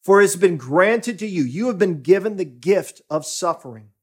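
A man preaching a sermon as pastor, deliberate and emphatic, rising for stress and sinking to near-whispers. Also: high voice, animated, breathy edge.

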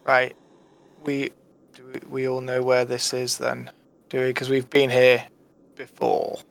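Flat-voiced man directing his game party. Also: mid-range voice, measured pace, vocal fry. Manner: decisive, leads the group's plans. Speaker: player. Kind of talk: casual tabletop game chat.

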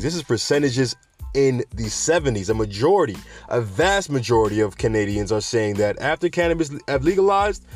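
Man, news host, casual ranting commentary, slangy, animated, digressive, middling pitch. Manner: animated, digressive, slangy, addresses viewers directly. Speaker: host of a cannabis news show.

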